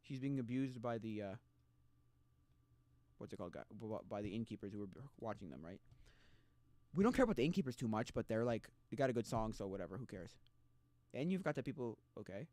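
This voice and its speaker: A man streaming a casual chat, rambling and halting with restarts, often mocking the people he talks about in put-on voices. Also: lowish voice, animated, dark tone, no room sound.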